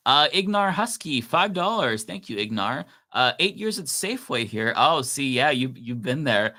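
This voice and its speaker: A man's voice: mid-range voice, big pitch swings, normal speed, bright, forceful tone. A man co-hosting a political livestream, reading donations and chatting casually with many fillers and restarts. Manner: rambling, filler-heavy, laughs easily.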